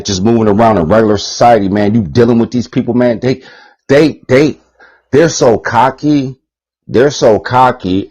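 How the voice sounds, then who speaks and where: A man's voice: fairly low pitch, a little mellow, rough recording. A man giving a rambling, heated, profane monologue on his channel, repeating himself and swearing often. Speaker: channel host.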